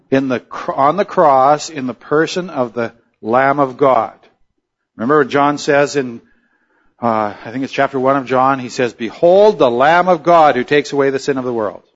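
A male pastor preaching a sermon in a measured teaching tone, slowing down to stress key words. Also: medium pitch, dull audio.

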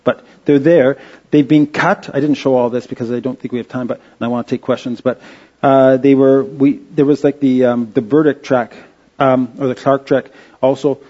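A man giving an informal slide-show talk, halting and restarting with many fillers. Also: mid-range voice, fairly even intonation, mellow, highs cut off. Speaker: presenter.

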